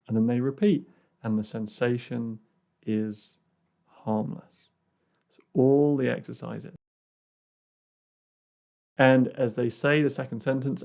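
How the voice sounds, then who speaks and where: A man hosting a solo personal growth podcast, telling a client story with many fillers and restarts, and dropping to a soft, low voice when he quotes the exercise. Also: vocal fry.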